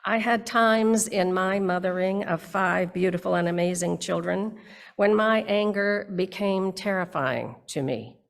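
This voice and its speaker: An older woman minister giving a reflective sermon in a slow, measured way, with dramatic readings. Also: mid-range voice, creaky. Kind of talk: reflective sermon with read poetry.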